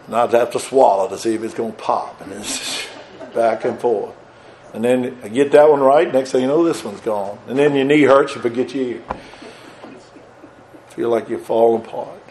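An older man preaching a sermon, moving from soft conversational asides to loud, fervent bursts. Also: mid-range voice, moderate pace, a little hiss or hum.

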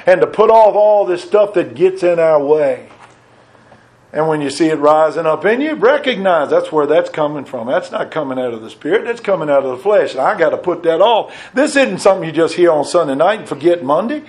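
A man preaching a sermon, folksy and plain-spoken, rising to emphatic peaks and then dropping low and quiet. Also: animated, normal speed.

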